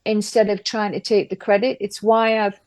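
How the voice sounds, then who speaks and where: A middle-aged woman from England, an interview guest telling stories briskly and with emphasis. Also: mid-range voice, flat delivery, a little mellow, no room sound. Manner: brisk, emphatic storytelling with acted-out quotes. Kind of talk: candid conversational interview.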